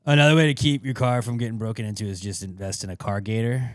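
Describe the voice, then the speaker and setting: A man's voice: fairly low pitch, fairly even intonation, quick pace, no room sound, studio quality. A man co-hosting a podcast, joking around in casual banter and swearing freely. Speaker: podcast co-host.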